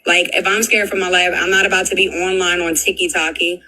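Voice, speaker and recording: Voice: mid-range voice, little pitch movement, brisk, pushed and bright, low-quality recording. A panel guest arguing bluntly in casual talk, firing off rhetorical questions and filling with "like". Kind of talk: casual heated argument.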